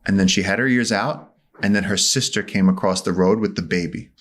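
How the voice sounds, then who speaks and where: A man as a podcast guest, telling animated stories and acting out the voices in them. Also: low-pitched, brisk. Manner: vivid, acts out voices in his stories. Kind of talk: animated storytelling in conversation. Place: studio.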